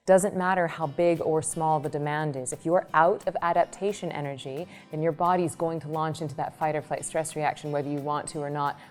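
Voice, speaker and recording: A woman meditation teacher answering interview questions, telling lively examples with quick asides. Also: low-pitched.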